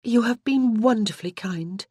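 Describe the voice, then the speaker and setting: An audiobook narrator voicing an anxious, grieving young noblewoman who speaks earnestly and pleadingly, rising in pitch. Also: moderate pace, a little mellow, slightly rough, no room sound, clean studio sound, natural voice. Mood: hesitant. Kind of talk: audiobook character voice.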